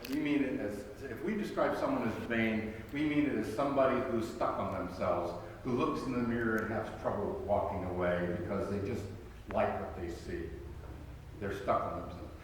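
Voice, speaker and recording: A man with a fairly low voice preaches a sermon at a moderate pace, keeping it conversational while using dry humor and emphatic rhetorical questions. As a pastor in a church sanctuary, he is captured from afar in a hall full of echo, with slight background noise.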